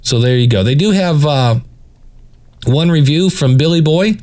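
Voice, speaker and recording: This man's voice sits a little high as he talks through another show's audio. He is fussy about details, halting and repeating himself, in a relaxed, casual critique. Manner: hesitant, picky, talks in restarts. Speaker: podcast reviewer. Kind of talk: casual critique over playback.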